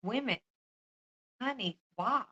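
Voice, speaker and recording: A woman's voice: on the high side, expressive, slow pace, bright, forceful tone, husky, no room sound, muffled recording. A woman chatting casually on a livestream, laughing often and swearing freely as she talks to her viewers.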